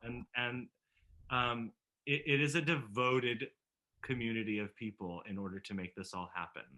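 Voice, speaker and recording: A man with a bright, forward voice talks casually about his conservatory years. He is animated, laughs easily and trips over his own restarts. He comes through a video call. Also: medium pitch, normal speed. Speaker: musical theater professor and alumnus. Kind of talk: casual reminiscing conversation.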